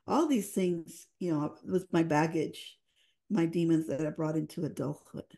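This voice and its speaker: A woman's voice: deep voice, normal speed, mellow. A woman leading a family program, telling earnest, emotional stories in a podcast interview and slipping into Spanish phrases. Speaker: family engagement program leader, guest. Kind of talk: heartfelt storytelling in a podcast interview.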